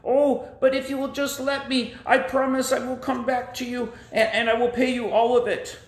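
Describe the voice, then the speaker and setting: A man's voice: extremely high pitch, level tone, moderate pace, roomy sound, pitched above the performer's own voice. A man voicing a poor friend who timidly pleads that he cannot pay in a puppet story. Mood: pleading.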